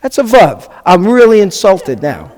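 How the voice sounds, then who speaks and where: A man with a high voice teaches a live class, speaking slowly as he drills sounds with his students. He throws in joking asides as he goes. His voice rings with the long reverb of a hall. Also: wildly swooping pitch, a little mellow. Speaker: rabbi teaching a Hebrew class. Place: congregation classroom.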